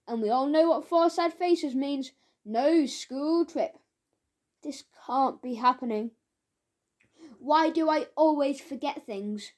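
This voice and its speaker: Woman, audiobook narrator, high-pitched, lively, cheeky, first-person. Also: slow pace. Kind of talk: children's audiobook reading.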